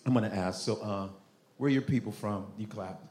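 A man doing stand-up crowd work at a comedy club, loud and profane, laughing as he talks. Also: lowish voice, brisk. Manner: loud, profane, laughing, acts out parents' voices.

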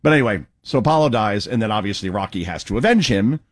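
A man's voice: fairly low pitch, animated, quick pace. Sarcastic male talk show host. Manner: sarcastic, mocking. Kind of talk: opinionated political commentary.

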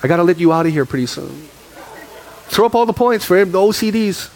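A middle-aged man preaching as a pastor, telling stories with lively repetition and emphasis. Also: sits high, brisk. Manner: animated storytelling with repetition. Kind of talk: sermon to a youth group.

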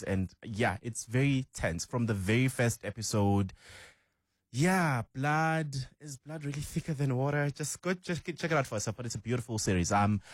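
A man's voice: mid-range voice, no echo, clean studio sound. A young man from South Africa, a guest in a casual chat who laughs often and talks with animation. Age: young adult.

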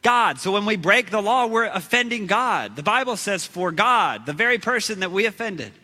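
Animated man preaching in a reverberant hall. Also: sits high, moderate pace, hardly any pauses. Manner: animated, acts out shouts and quotes, laughs at himself. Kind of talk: storytelling sermon.

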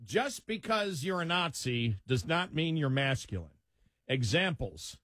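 A man co-hosting a casual political chat show, jokey and animated, repeating himself as he riffs. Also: fairly high pitch, measured pace, no echo, clean studio sound. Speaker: co-host.

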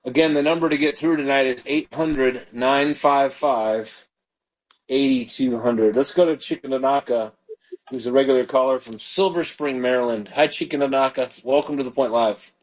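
A man, a pastor hosting a call-in radio ministry, praying fervently over callers and slowing into soft prayer. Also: mid-range voice, fairly even intonation, low-quality recording. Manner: fervent, slows down and softens into prayer.

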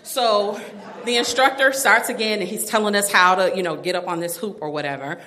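A middle-aged woman telling a personal story to an audience, animated and self-mocking, laughing often. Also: mid-range voice, a little fast.

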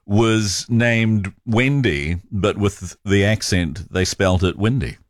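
Low-voiced New Zealand radio host. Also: male voice, slow, no room sound, clean studio sound. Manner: conversational, self-mocking, repeats words. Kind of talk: talk radio chat.

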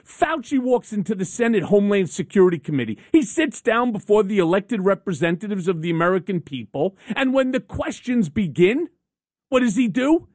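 A woman's voice: medium pitch, very animated, a little fast, a little mellow, no room sound, studio quality. A woman hosting a call-in radio talk show, delivering an emphatic, rhetorical opinion monologue in short punchy sentences.

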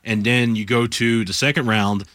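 A man's voice: mid-range voice, steady tone, normal speed, a bit bright. A man hosting sports radio talk, introducing a guest and setting up questions conversationally.

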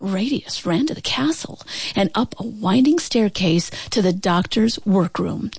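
A woman reading a children's picture book aloud in a slow, expressive, sing-song way. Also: medium pitch, creaky, husky, no echo. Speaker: narrator. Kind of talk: children's storybook read-aloud.

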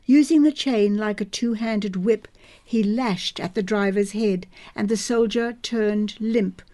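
A woman narrating a novel as an audiobook in a measured, even storytelling manner. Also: mid-range voice.

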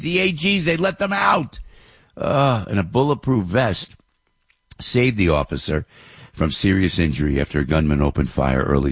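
A man's voice: medium pitch, fairly bright tone, husky, dry recording, studio quality. An older man hosting talk radio, rambling through news headlines with opinions, many fillers and restarts. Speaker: radio show host.

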